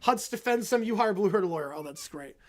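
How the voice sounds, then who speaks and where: A man's voice: sits high, expressive, brisk. A man hosting a livestream, chatting loosely, joking, and answering viewers' questions. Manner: rambling, joking, answers chat. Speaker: livestream host. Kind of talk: casual livestream chat.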